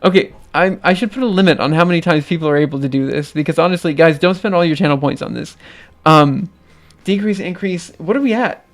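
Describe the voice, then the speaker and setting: A man's voice: a little high, fast. A young man with a light, somewhat androgynous voice, hosting a live stream in casual chat that rambles, with many ums and restarts, and laughing easily. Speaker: livestream host.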